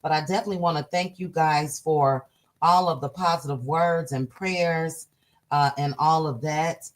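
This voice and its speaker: A woman hosting a casual livestream chat, tired and a little hoarse, greeting viewers by name. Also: sits low, fairly even intonation, moderate pace. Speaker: livestream host.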